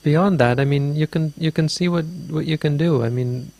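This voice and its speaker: A man's voice: fairly high pitch, moderate pace, darkish tone. A man teaching as a Buddhist teacher, answering a question in a dharma talk with meandering, thoughtful storytelling.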